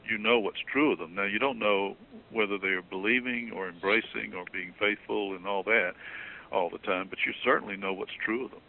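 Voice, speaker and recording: A man in a theological discussion, explaining earnestly and jumping up in pitch when he quotes someone. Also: fairly even intonation, a little fast, bright, forceful tone, a little hiss or hum, poor audio. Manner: earnest, explanatory, rises sharply when quoting. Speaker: theologian being interviewed.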